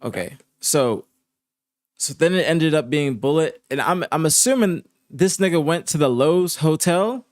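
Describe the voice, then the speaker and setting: A man's voice: fairly high pitch, expressive, measured pace. A man hosting a live stream in casual chat, ranting in disbelief and swearing freely. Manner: incredulous, ranting, heavy swearing. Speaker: streamer host. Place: home streaming setup.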